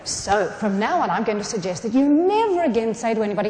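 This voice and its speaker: An Australian woman speaks from a conference stage in a high, very lively voice. She delivers a humorous motivational keynote and talks straight to the crowd. The sound is roomy and echoes like a large hall. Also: quick pace, few pauses. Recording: echoey conference hall, some room noise.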